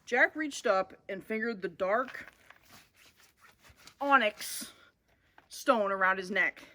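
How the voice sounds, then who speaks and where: A woman reading a children's storybook aloud in an expressive way, as the show's host. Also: mid-range voice, slow.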